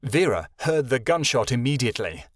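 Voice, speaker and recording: A man reading a fantasy audiobook as narrator, in a steady, measured way. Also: mid-range voice, dry recording, studio quality. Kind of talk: scripted narration.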